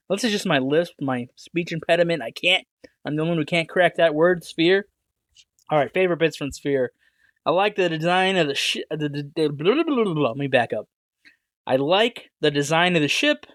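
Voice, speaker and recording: A man's voice: a little high, expressive, normal speed, no room sound. Rambling man hosting a movie podcast. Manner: rambling, self-correcting, jokey. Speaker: podcast host. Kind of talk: casual solo podcast talk with read ads.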